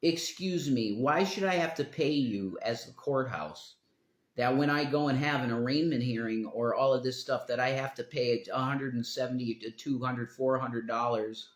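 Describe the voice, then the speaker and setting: A man talking on his own live stream in a meandering, profane monologue, often trailing off mid-sentence. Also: mid-range voice. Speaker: livestreamer. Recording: roomy echo.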